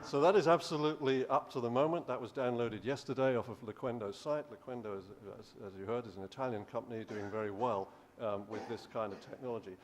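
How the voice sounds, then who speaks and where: A man's voice: mid-range voice, quick pace, hardly any pauses. A male professor giving a conference lecture, explaining steadily with frequent restarts. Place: conference hall.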